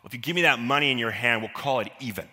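A man's voice: medium pitch, racing, sharp tone, slightly rough, exaggerated voice. A man voicing a smug, mean preteen bully demanding money, in a reverberant hall.

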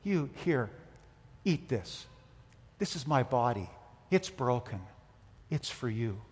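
A man preaching who voices Jesus as a gentle, humble figure, softly coaxing listeners to come to him. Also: mid-range voice, very animated, takes it slowly, voice pushed down. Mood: gentle, inviting. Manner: soft, coaxing, speaking directly to listeners. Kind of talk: sermon. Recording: long hall reverb.

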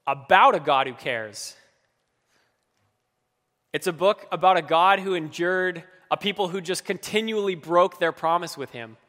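A man's voice: on the high side, a bit bright. A man preaching a sermon in an earnest, personal way, acting out quoted pleas with feeling. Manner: earnest, acts out quoted pleas with rising emotion. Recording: long hall reverb.

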